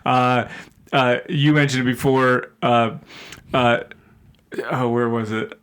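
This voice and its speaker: A man co-hosts a comedy podcast, reviewing a film in a loose, rambling way. He laughs often and trails off while hunting for the right quote. His voice sits in a middle pitch. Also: steady tone, takes it slowly, a bit bright, smooth. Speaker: podcast co-host. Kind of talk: casual comedic movie review chat.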